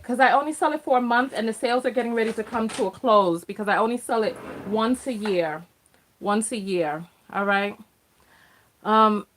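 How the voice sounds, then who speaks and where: A woman hosting a casual live stream from her RV, talking to viewers in an animated, exasperated way. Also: on the high side. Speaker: host.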